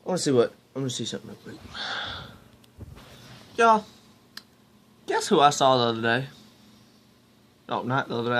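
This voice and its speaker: A young man with a drawl tells stories to his camera. His voice sits a little high for a man. He rambles, restarts his sentences and keeps calling out to his viewers as "y'all". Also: a bit bright, a little hiss or hum. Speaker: vlogger. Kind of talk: casual storytelling to camera.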